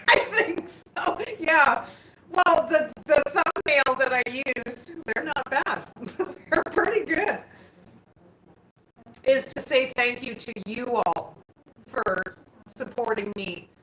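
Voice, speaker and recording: A woman's voice: high-pitched, slow, pauses often, fairly bright tone. A woman hosting a casual live stream from her home kitchen on a phone, chatting and reading out viewer comments as she answers them. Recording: echoey room, faint background hum.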